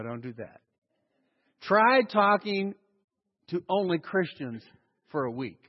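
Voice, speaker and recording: A man preaching a sermon as pastor, animated and sarcastic, with mocking asides to the congregation. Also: on the high side, in a large hall, muffled recording.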